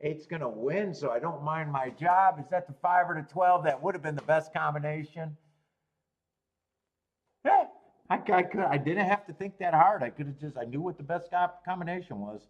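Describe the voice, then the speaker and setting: Talking at a moderate pace in a voice on the high side, a man hosts a live horse racing stream and chats loosely about his bets. He curses, starts over, and mutters to himself as the races run, and the audio sounds dull.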